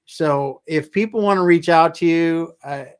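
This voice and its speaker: Higher-pitched man hosting an interview. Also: unhurried, clean tone. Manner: friendly short affirmations, relaxed wrap-up. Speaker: show host.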